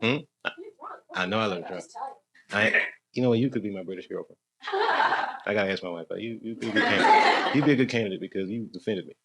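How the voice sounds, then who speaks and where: In a dark indoor comedy club, an American stand-up comedian works the crowd, loose and rambling, chuckling at his own jokes. His lowish voice is very animated and quick, broken by long pauses, against a noisy background.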